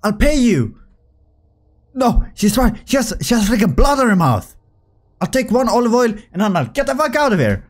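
A young man giving casual, jokey commentary while playing a horror game, excitable and swearing freely. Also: extremely high pitch, moderate pace. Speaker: gaming video creator. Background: faint game music.

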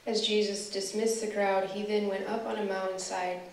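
Woman guiding a scripture meditation, a bit gravelly, far from the mic in a big echoey room w/ faint hiss. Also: medium pitch, level tone, darkish tone. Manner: slow, reflective questions to the listener. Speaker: guest speaker.

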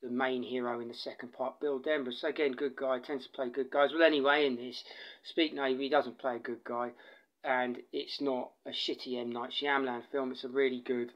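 A man's voice: medium pitch, little pitch movement, fairly quick, fairly bright tone, highs cut off. An Englishman with an English accent giving a casual spoken film review, rambling and digressive, with many fillers and restarts. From England.

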